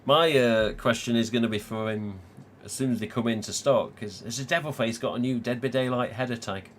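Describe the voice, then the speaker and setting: A man's voice: mid-range voice, a little fast, a little hiss or hum. A man from England hosting a live stream, chatting casually, swearing freely and laughing often. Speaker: livestream host.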